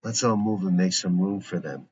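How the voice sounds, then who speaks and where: A man reading the lines of a calm, polite grandfather who speaks gently and patiently. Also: low-pitched, moderate pace, close to an everyday voice. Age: older. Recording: muffled lo-fi with faint hiss.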